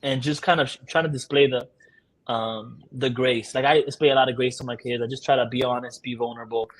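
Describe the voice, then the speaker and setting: A man's voice: mid-range voice, steady tone, fairly quick. A man speaking as a guest, a father talking candidly and laughing through his stories in casual conversation.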